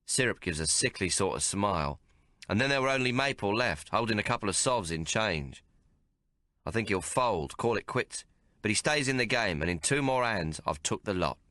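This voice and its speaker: A man narrates an audiobook in the first person, keeping to rough, colloquial frontier dialect. His low voice is bright and lively in pitch, and the recording is dry and close. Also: normal speed, no room sound.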